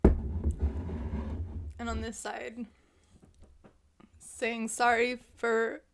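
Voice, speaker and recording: A woman's voice: fairly high pitch, flat delivery, very slow, vocal fry. A young woman chatting casually into a desk mic at home, rambling and self-deprecating with lots of fillers. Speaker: vlogger. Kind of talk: rambling casual vlog chat. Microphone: desk mic with headphones.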